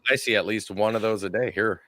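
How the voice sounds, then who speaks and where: A man's voice: on the low side, steady tone, quick pace, noisy background. A man co-hosting a casual podcast, telling stories with swearing and frequent laughter. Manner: profane, storytelling, laughs often. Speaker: podcast co-host; former army sergeant. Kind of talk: casual banter.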